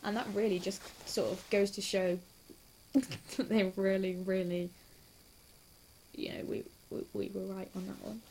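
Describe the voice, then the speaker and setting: A young woman chatting casually and excitedly about a TV episode, giggly and hyper, gushing and rambling from scene to scene. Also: mid-range voice, creaky, a little hiss or hum. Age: young adult. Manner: hyper, giggly and quick to gush. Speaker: TV reaction vlogger. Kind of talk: casual rambling reaction chat.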